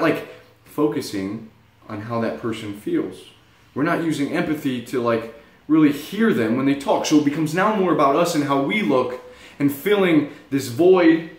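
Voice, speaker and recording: A young man giving blunt, profane motivational talk in a casual self-help vlog. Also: fairly high pitch. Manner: blunt, profane, animated storytelling. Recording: echoey room.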